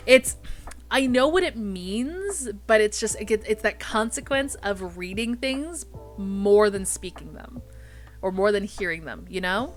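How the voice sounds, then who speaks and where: A young woman streaming herself reading a visual novel aloud, animated, swearing casually and stumbling over odd names. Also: medium pitch, moderate pace, soft background music.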